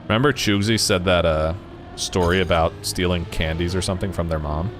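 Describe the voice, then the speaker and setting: Streaming a racing game, a low-voiced man chats and rambles to his viewers at a slightly quick pace with fairly even intonation. Loud game music and car noises play behind his voice.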